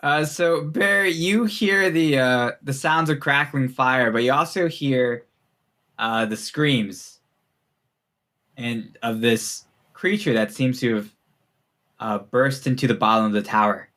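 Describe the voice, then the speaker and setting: A man's voice: medium pitch, unhurried, fairly bright tone. A young man narrating as game master in a casual, laughing way, with many fillers.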